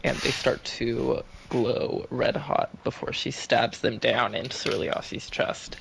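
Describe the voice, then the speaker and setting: A man running a tabletop game as game master, narrating the action in measured detail and calling rules. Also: medium pitch, level tone, creaky, noisy background.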